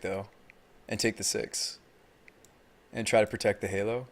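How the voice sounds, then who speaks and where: An American man calls his own card game live, chatting loosely with his viewers. When the match turns, he gets loud and shoots up in pitch, pleading at his opponent. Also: moderate pace, pauses often. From United States. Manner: excitable, talks to chat and opponent, gets loud and high when tense.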